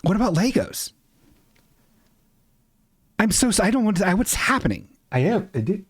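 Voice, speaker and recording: Guy hosting a live stream, all over the place pitch-wise, rambly and flustered, super dry close sound. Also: sing-song, fast, breathy edge, no room sound. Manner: rambling, flustered, reads chat aloud. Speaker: podcast host. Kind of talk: casual live-stream chat.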